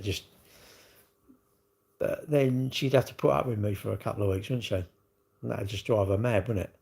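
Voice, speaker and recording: A man's voice: on the low side, fairly even intonation, normal speed, creaky, long pauses, a little mellow. A man, rambling in casual livestream chat and answering viewers' comments with lots of tag questions. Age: 60s. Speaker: livestream host.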